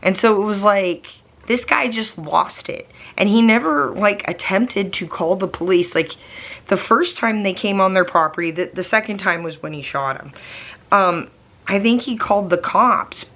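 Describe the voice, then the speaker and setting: A woman's voice: medium pitch, normal speed, fairly bright tone. A woman vlogger chatting casually to camera at home, rambling with lots of fillers while getting over a migraine. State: recovering from a migraine.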